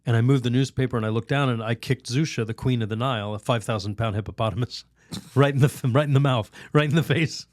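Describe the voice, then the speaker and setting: A priest talks through a story and a lesson in an unhurried, chatty way. He often breaks into laughter, says "you know" a lot, and starts his sentences over. His voice sits in the middle of the male range and is recorded dry and close, with no room sound. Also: medium pitch, dry recording. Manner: animated, laughs while telling stories; rambling restarts, many "you know"s. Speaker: Catholic priest, podcast guest. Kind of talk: conversational storytelling and teaching.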